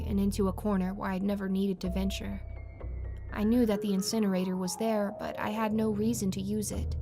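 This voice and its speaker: Woman reading a horror story with steady dramatic delivery, faint music under it. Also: mid-range voice.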